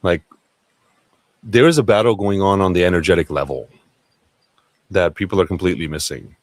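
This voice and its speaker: A man's voice: deep voice, moderate pace, no echo. Rambling, profane man on a livestream. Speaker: livestream host. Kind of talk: casual livestream talk.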